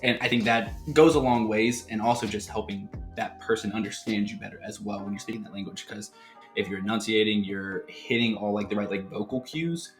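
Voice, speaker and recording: A man's voice: fairly low pitch, steady tone, a little fast, faint music behind. An American man chatting as a guest in an easygoing way, with many "like"s and "right?"s. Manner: easygoing, filler-heavy, lots of "like" and "right?". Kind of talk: casual chat.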